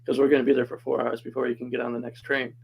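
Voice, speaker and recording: A man's voice: medium pitch, little pitch movement, racing, gravelly, low-quality recording. A man casually telling a personal story as a podcast guest, chatty and laughing often.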